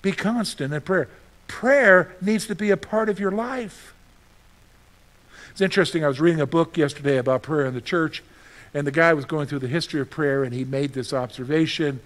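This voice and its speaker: A man preaching a sermon in a conversational way, asking his listeners questions and answering them himself, with lively storytelling. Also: a little high, fairly quick. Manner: animated storytelling with sudden loud outbursts. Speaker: pastor.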